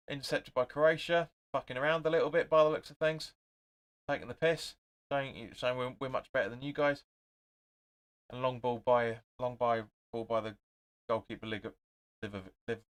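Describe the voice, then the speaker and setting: Young male streamer, middle pitch, excitable watch-along commentary that mixes play calls with viewer chat. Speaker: host of a live football watch-along.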